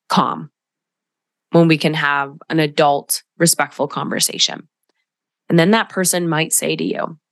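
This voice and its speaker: A woman's voice: deep voice, dry recording. A woman hosting a solo podcast, speaking as a coach in a direct manner with emphatic asides.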